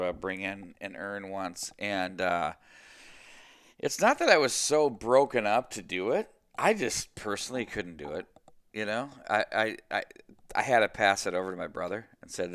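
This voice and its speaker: Podcast host, low smooth voice, halting and candid. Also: male voice, lively intonation, fairly bright tone. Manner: halting, candid, many restarts. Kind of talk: podcast conversation.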